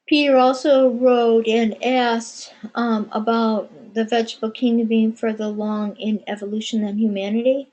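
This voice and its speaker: A woman giving a spiritual channeling session, speaking as "we" in a measured way with many pauses. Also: on the high side, level tone, a little mellow, low-quality recording. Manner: measured, pausing often, speaks as "we". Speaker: channeler answering questions. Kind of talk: slow meditative spiritual channeling.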